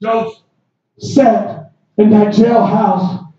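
A man preaching a youth sermon, acting out biblical characters and rising to shouts. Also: high voice, little pitch movement, drawn-out words. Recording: roomy echo, distant mic, dull sound.

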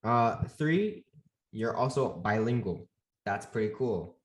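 A young woman chatting casually with a friend, teasing and quick, full of fillers. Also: a bass voice, lively intonation. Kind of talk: casual chat.

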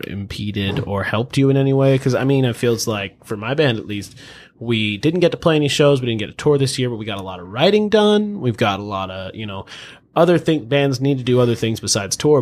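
A man's voice: mid-range voice, animated, normal speed. A young man hosting a casual podcast interview, laid-back, laughing often and swearing freely. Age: young adult. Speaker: podcast host.

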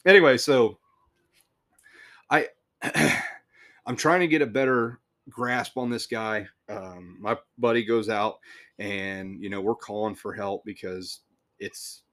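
Speaking slowly in a fairly low but fairly bright voice, a podcast host recounts a story from work. His telling is casual and meandering, full of swearing, restarts and chuckles.

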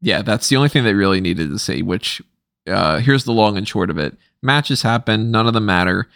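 A man's voice: fairly low pitch, expressive, fairly quick, gravelly, fairly bright tone, dry recording, studio quality. A man co-hosting a casual wrestling chat, wry and laid-back, laughing often. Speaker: podcast co-host.

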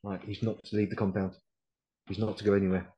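A middle-aged UK man, a decorated RAF Regiment veteran, tells his story bluntly as a podcast guest in a casual interview, swearing plenty and quoting others along the way. His voice is lowish and dark with little pitch movement, and he talks quickly; the highs in the audio are cut off.

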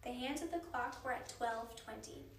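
A woman reading a children's book aloud in a gentle, expressive way. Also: a little high, moderate pace, roomy sound, recorded from a distance, a little hiss or hum. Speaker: reader.

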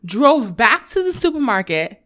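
A woman's voice: on the high side, measured pace. A woman with a slight lisp from braces, chatting casually as a podcast co-host and laughing often. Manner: laughs often, animated storytelling. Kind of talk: casual chat.

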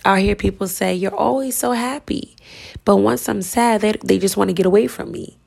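A woman giving a spiritual sermon, intense and urging, often sinking into a hushed whisper. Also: mid-range voice, fairly even intonation, brisk, vocal fry. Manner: emphatic, urging. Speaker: spiritual speaker.

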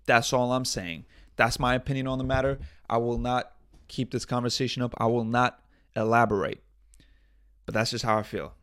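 Speaking at a normal speed with little pitch movement, a man with a clear, resonant, mid-range voice and fairly bright tone runs a solo podcast. He keeps it loose and rambling, cracking jokes, cursing a lot, and talking to himself. The audio is dry and studio grade.

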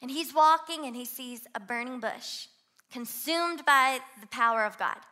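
A young woman from Louisiana with a Southern twang, preaching an energetic sermon as guest pastor and urging the congregation to join in. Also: high voice, measured pace. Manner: energetic, exhorts the crowd to shout along. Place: church auditorium.

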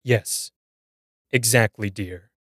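A man voicing an older woman who scolds and keeps calling the listener dear, going from calm to shrill. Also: slow, no room sound, clean studio sound. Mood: scolding calm.

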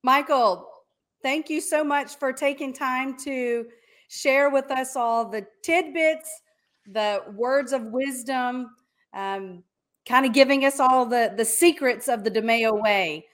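A woman hosting an interview, speaking in a measured, appreciative way. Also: high voice. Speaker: interview host.

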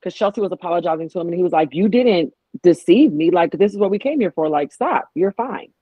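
On a tinny, phone-like line with a dry sound and no echo, a woman guest chats casually on a podcast. Her pitch is fairly low and her pace quick. She speaks animatedly, acting out others' words.

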